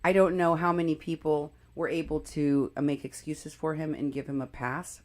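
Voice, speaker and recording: A woman hosts a live political commentary stream, talking with plenty of conviction and pressing her points hard. Her voice sits slightly low for a woman, and she keeps breaking off and restarting her sentences as she goes. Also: flat delivery, moderate pace, a little mellow. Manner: emphatic, indignant, with frequent restarts. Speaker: show host.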